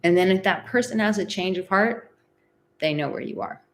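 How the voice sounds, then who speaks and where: A woman's voice: medium pitch, normal speed, a little hiss or hum. A woman hosting a live advice talk, chatting casually with many "like" fillers and acting out example phrases. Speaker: relationship advice host.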